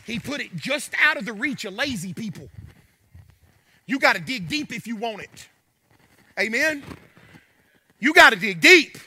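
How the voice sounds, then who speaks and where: A man preaching a sermon, dropping to soft murmurs and rising to shouted peaks, calling out to his congregation. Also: extremely high pitch, big pitch swings, unhurried, pauses often, slight background noise. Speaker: pastor.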